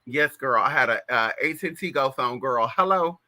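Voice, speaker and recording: Animated trans woman spilling gossip. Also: very deep voice, moderate pace. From California. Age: 30s. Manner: gossipy, animated, full of "girl" and "y'all" asides. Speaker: livestream host. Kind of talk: casual storytelling livestream. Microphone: plug-in mic on a live stream.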